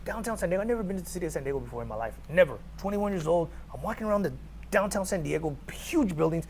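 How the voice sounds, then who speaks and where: This California podcast guest has a high-sitting voice and talks rapid-fire while spinning an animated conversational story. Words get repeated again and again, and he performs the dialogue he quotes, over slight background noise.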